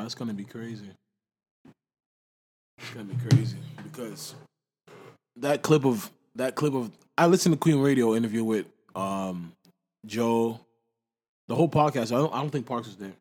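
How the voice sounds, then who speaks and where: A man co-hosting a casual radio chat, talking in an animated way and acting out what others said. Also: medium pitch, moderate pace, pauses often. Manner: animated, quotes people in raised voices.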